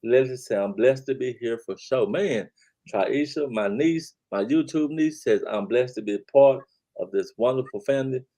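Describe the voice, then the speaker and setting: A man's voice: mid-range voice, normal speed, dark tone. A man hosting a casual live-stream talk show, laid-back and repeating "man" and "y'all" as he reads out the chat.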